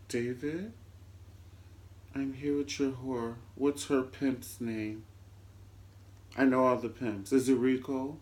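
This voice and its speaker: Man voicing a soft-spoken, menacing wife, hushed and unsettling. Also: a little hiss or hum, close to an everyday voice, rough recording. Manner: low, quiet and threatening.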